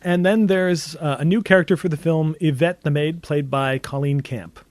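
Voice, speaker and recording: A man's voice: on the high side, fairly even intonation, normal speed, darkish tone, no room sound. A man co-hosting a podcast, talking through a film in a casual, enthusiastic way and laughing often. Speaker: podcast co-host.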